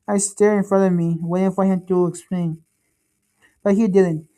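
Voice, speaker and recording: A woman reads a first-person story aloud, stumbling and often restarting or repeating phrases. Her voice is mellow and dark, set somewhat low for a woman. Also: flat delivery, poor audio. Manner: halting, with frequent restarts and repeats. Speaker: story reader.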